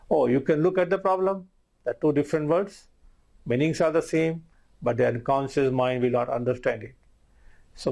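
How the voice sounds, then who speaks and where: A male course instructor talks listeners through a recorded lesson in a gravelly, low-textured voice. His tone is dark and mellow, and he speaks earnestly, repeating key points and addressing the audience as friends.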